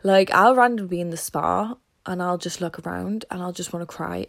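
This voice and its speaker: A woman podcaster and consultant in casual motivational chat, bubbly and rambling, often dropping to a hushed whisper. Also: lowish voice, fairly quick, creaky.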